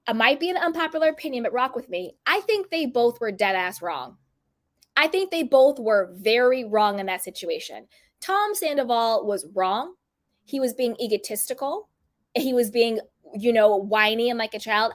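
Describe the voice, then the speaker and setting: A woman's voice: a little high, a little fast. A woman giving casual, opinionated commentary to her viewers and acting out the quotes she repeats. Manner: animated, opinionated, acts out quotes. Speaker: commentary vlogger.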